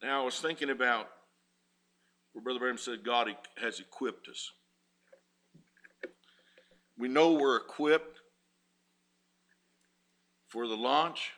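A man's voice: mid-range voice, slow, long pauses, a bit bright. A man preaching a sermon as pastor, folksy and rising in fervor.

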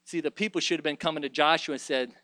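Speaking fast in a slightly high voice, a preacher shifts back and forth between loud exhortation and quiet reflection in his sermon. He frequently stumbles and starts his phrases over. There's no echo.

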